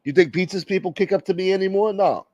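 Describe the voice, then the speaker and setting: A man's voice: sits high, quick pace, darkish tone, no echo, lo-fi sound. A man hosting a casual livestream, joking brashly with viewers and swearing freely. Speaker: livestream host.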